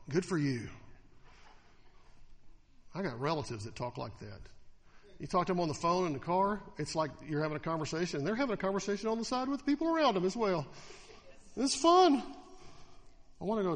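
Animated male pastor in a reverberant hall. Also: fairly high pitch, fairly quick, long pauses. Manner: animated, acts out quoted attitudes in mocking voices. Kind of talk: sermon.

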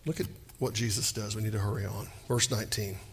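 A man's voice: on the low side, fairly even intonation, fast talker, creaky, husky. A man preaching a sermon, talking to the congregation and throwing them questions. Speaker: pastor. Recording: long reverb of a hall.

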